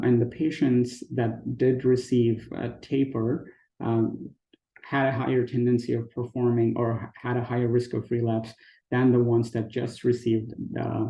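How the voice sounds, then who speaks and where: A male researcher presents his study results, stopping often to restart phrases. His voice is deep-toned, dark and gravelly, with little rise and fall. The room around him sounds echoey. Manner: hesitant, frequent fillers and restarts. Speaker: conference presenter. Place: conference talk, recorded remotely.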